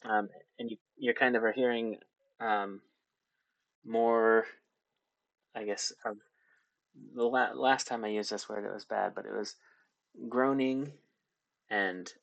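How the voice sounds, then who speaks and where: A man narrating a tabletop role-playing game as game master, hesitant and filling pauses with ums. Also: on the low side, vocal fry, a bit bright, dry recording. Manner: hesitant, lots of ums and restarts.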